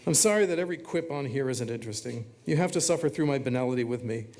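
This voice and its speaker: A man reading his own text aloud, delivering short confessional quips in a flat, deadpan way. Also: mid-range voice, fast talker, slight background noise.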